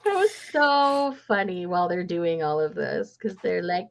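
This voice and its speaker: A woman with a lowish, very animated voice talks at normal speed while hosting a casual book club chat. She gushes and acts out characters' lines, and the audio is muffled and lo-fi.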